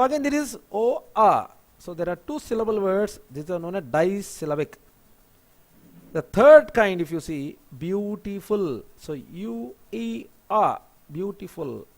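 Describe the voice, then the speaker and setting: Teacher, male, native Telugu speaker, high voice, spells words out and explains patiently. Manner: many fillers and restarts. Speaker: English teacher. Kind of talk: spoken English lesson.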